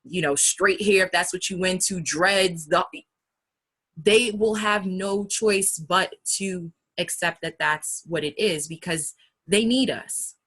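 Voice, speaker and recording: Candid New York woman, bright voice. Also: on the low side, takes it slowly, husky. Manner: candid and emphatic. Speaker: public speaker. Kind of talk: casual advice talk.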